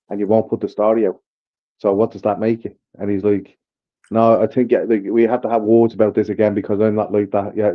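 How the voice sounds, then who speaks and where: A man's voice: on the low side, narrow, tinny audio. An Irish man in casual chat, blunt and swearing as he retells arguments.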